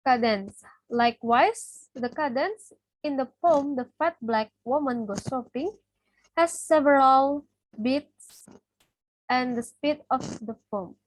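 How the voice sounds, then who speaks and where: A woman's voice: high voice, takes it slowly, no echo, low-quality recording. A young woman, a student from Indonesia whose first language is Indonesian, reading her class presentation steadily from notes. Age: young adult. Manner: reads steadily from notes, listing terms.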